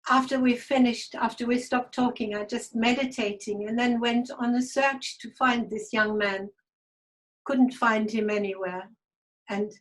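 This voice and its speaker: Slow-spoken woman telling her testimony. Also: on the high side, low-quality recording. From Germany. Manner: halting, reflective storytelling. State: emotional. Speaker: guest speaker. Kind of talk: personal spiritual testimony.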